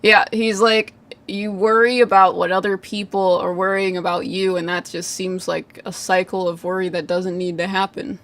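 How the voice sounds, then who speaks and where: A woman's voice: fairly low pitch, level tone, normal speed, a bit bright. A woman giving live psychic readings in a casual livestream chat, full of "like" fillers, frequent laughs and casual swearing.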